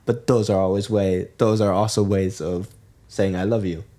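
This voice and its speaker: A man's voice: low-pitched, fairly even intonation, moderate pace, warm tone. A young man from Germany co-hosting a podcast, chatting casually and rambling with lots of restarts. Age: young adult. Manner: rambling, many restarts and fillers. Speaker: podcast co-host. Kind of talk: casual chat.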